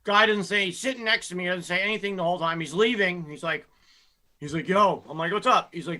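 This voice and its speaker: A man's voice: high-pitched, a little fast, sharp tone. A man on a sports podcast telling a casual story from a bar. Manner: laid-back storyteller, quoting others. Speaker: podcast co-host.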